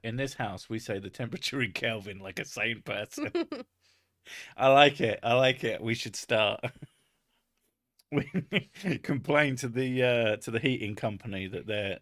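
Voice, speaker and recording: A man's voice: on the low side, expressive, a little slow, fairly bright tone. An English man chatting casually on a live stream, swearing often and laughing as he rambles. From England.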